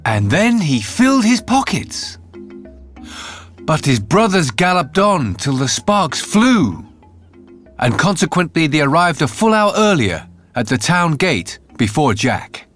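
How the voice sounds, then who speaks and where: A man narrating a fairy tale in an animated, expressive way. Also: a little high, slow pace, faint music behind. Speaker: storyteller. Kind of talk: storybook narration.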